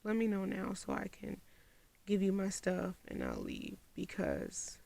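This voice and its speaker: A woman's voice: medium pitch, measured pace, creaky. A young woman vlogger telling a personal story to her viewers on a phone camera, casual and conversational, acting out the back-and-forth of the conversation. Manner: animated storyteller who acts out quoted dialogue. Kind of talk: storytime vlog, casual retelling.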